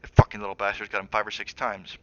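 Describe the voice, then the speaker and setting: A man's voice: on the low side, monotone, fast talker, bright, forceful tone. A man reading a novel aloud, giving a harried father urgent, clipped commands. The recording sounds dull and lo-fi, with a faint hiss behind it.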